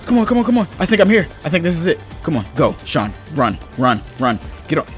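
A young man doing casual gameplay commentary as a gaming YouTuber, excitable and slangy, yelping and shouting at the game. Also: on the high side, fast, soft background music.

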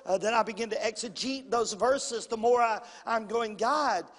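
A man's voice: sits high, normal speed, fairly bright tone. A man preaching a sermon in a folksy way, repeating phrases and calling on the congregation to answer. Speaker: pastor. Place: church sanctuary. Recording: long reverb of a church hall.

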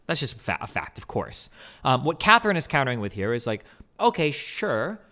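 A young man streaming, explaining ideas in fast, rambling, profane casual talk with acted-out examples. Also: mid-range voice, big pitch swings, pushed and bright. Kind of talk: casual livestream commentary.

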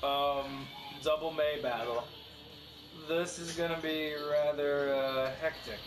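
A gamer talks slowly in a steady, medium-pitched tone while game music plays. Casually commenting on their own play, they sound incredulous, repeat their questions and break into laughter.

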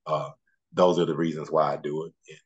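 A man, a guest speaking softly and trailing off with "you know". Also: a bass voice, little pitch movement, a little fast, breathy edge, lo-fi sound. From Mississippi, USA. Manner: soft-spoken, trails off often with "you know". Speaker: guest, former basketball player and coach. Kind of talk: relaxed interview chat.

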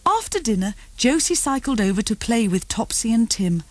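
A woman reading a children's storybook aloud, with slow, tuneful storytelling. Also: fairly high pitch, big pitch swings, dry recording. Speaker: audiobook narrator.

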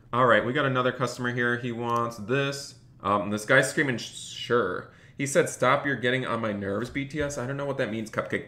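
Chatty bright-voiced male gaming streamer. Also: medium pitch, reverberant, a little hiss or hum. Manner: chatty, reads out viewer donations, gets flustered and overwhelmed. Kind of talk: live-stream commentary while role-playing a restaurant worker.

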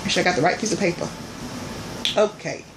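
A woman vlogger chatting casually and playfully to her viewers, calling them y'all, with loud bursts between quieter asides. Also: fairly low pitch, brisk, noisy background. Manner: animated, swings between soft asides and loud exclamations.

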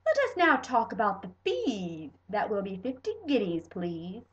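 A jolly, hearty male dentist, as a woman reading a storybook poem puts him on, enjoying himself far too much. His voice bounces around with lively pitch. The sound is a bit dull and lo-fi. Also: a little slow. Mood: brisk. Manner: hearty, relishing every pull. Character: gleeful middle-aged male dentist.

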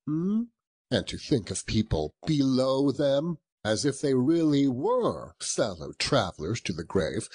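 A man voicing a cheerful, earnest young nephew in a storybook reading, pleading with soft laughs. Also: medium pitch, voice pushed up. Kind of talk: audiobook character voice.

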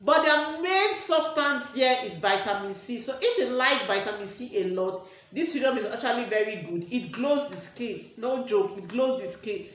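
Nigerian woman reviewing products in casual talk, somewhat high-pitched, heavily echoing room. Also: lively intonation, normal speed, fairly bright tone. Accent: Nigerian English. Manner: repeats words and restarts phrases while explaining. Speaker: skincare vlogger. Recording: very echoey room.

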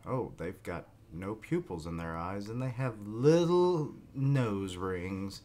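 Deep-voiced man reacting to a manga. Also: lively intonation, slow, few pauses, a little mellow. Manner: casual, swears, reads panels aloud. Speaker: reaction video host. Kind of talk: live manga reading reaction.

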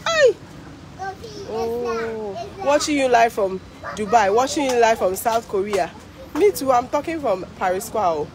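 Ghanaian woman vlogging on a phone out on the street, high voice that jumps all over, worn out from walking. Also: normal speed, a crowd in the background. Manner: excitable, exclaiming, chatty. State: tired from walking. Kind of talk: live walking vlog. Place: outdoor city street at a parade.

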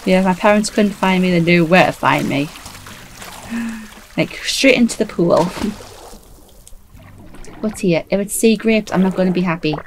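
A woman's voice: lowish voice, normal speed, faint music behind, rough recording. A woman casually commenting while playing a video game, chatty and self-mocking, still a bit sleepy. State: sleepy, trying not to yawn. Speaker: gaming YouTuber.

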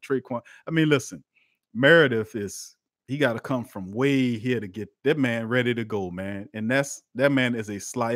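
Animated man talking sports live. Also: medium pitch, dry recording, studio quality. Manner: lively and conversational, talks to chat, swings from loud to quiet. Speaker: host of a sports live stream.

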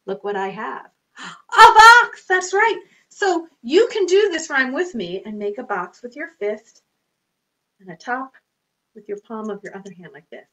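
A woman's voice: a little high, animated, moderate pace. A woman, a children's librarian, singing movement rhymes and leading playful activities for kids at home in a bubbly, sing-song manner.

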